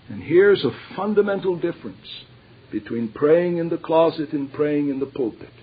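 A man's voice: high voice, breathy edge. An older man giving an earnest, emphatic lecture on pastoral theology, reading quotations aloud to his class. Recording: tinny lo-fi lecture recording.

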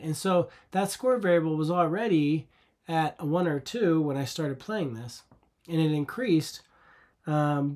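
A man walks through a coding tutorial in a relaxed classroom manner. His voice sits a little high for a man. He pauses to ask the viewer questions and then answers them himself. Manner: patient, conversational, asks rhetorical questions. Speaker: teacher.

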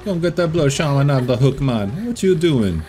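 A man's voice: on the high side, very animated, moderate pace, mellow, slight background noise, voice pushed up. A man voicing a boastful, protective male blood shaman healer in a mock Jamaican accent, speaking of himself in the third person. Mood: pleading.

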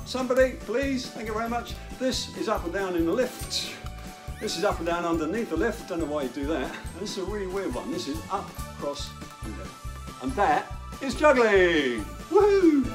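A man presenting to children in a playful, excitable way, joking and laughing while he juggles. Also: on the high side. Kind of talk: energetic talk to children.

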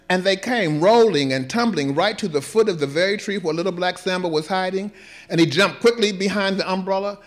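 A male performing artist reading a children's story aloud at a live gallery event and breaking off for wry, laughing asides. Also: sits high.

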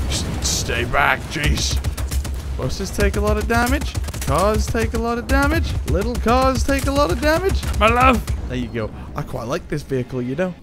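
A man giving excitable, jokey let's play commentary and talking back to game characters. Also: fairly high pitch. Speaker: gaming YouTuber. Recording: game sound effects and vehicle noise behind.

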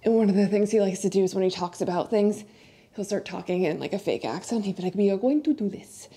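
A breathy, husky-voiced woman coaching a workout at a middle pitch while doing it herself. She is winded from the effort and keeps up upbeat cues and countdowns. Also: fast, dark tone. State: out of breath from exercising. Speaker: fitness coach. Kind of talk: follow-along workout instruction. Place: indoors, not outside.

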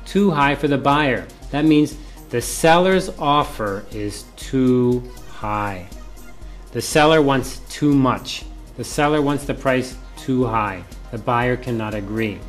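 A male professor giving a classroom lecture, often repeating key points and asking rhetorical questions. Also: mid-range voice.

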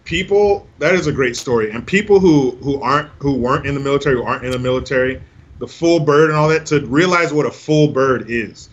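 A man's voice: mid-range voice, a little fast, highs cut off, slight background noise. A man hosting a podcast in casual chat, explaining things in an easygoing way. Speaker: podcast host.

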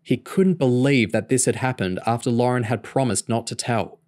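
A man reading a novel aloud in a steady, even storytelling manner. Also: medium pitch, normal speed, no room sound. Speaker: audiobook reader.

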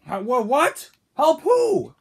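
A man's voice: extremely high pitch, wildly swooping pitch, slow pace, vocal fry, heavily acted. A man voicing Toad as a grumpy, whiny male figure in a fan-made cartoon, ranting with indignant questions.

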